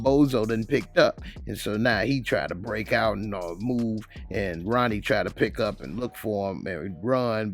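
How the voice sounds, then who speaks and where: Man, TV reviewer, casual recap, slangy, gravelly, low voice, faint background music. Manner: retells scenes in slang, acting out dialogue. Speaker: TV show reviewer.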